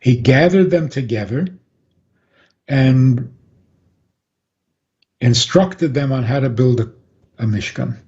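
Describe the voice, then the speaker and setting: Slow, mellow-voiced rabbi on radio. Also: male voice, mid-range voice. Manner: calm, explanatory, chuckles often. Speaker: rabbi guest. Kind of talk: radio interview, Torah teaching. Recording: dull lo-fi radio audio.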